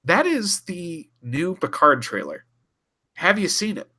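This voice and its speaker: A man's voice: high-pitched, very animated, slow, pushed and bright, slightly rough. A man co-hosting a podcast in casual, rambling chat, swearing freely and often restarting. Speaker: podcast co-host.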